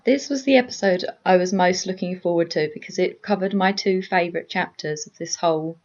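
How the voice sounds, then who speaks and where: A woman's voice: lowish voice, brisk, a little mellow. A woman co-hosting a podcast, chatting in an easygoing way about an episode. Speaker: podcast co-host. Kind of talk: casual recap chat. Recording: dull lo-fi recording.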